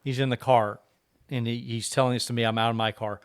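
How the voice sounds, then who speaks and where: A man's voice: medium pitch, flat delivery, quick pace, smooth. A man co-hosting a casual podcast, telling a long anecdote and acting out the quoted exchanges with other drivers. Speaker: podcast co-host. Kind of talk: casual storytelling chat.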